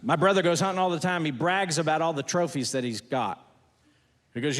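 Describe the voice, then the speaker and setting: A man's voice: on the high side, fairly quick, a bit bright, big-room sound. A man performing a stand-up routine, firing off folksy one-liners on stage before a laughing audience. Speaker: stand-up comedian.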